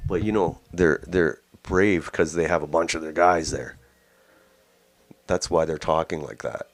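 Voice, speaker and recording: A man's voice: very deep voice, a little slow. A Canadian man hosting a news commentary show, talking in a blunt, scornful, ranting way. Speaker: host.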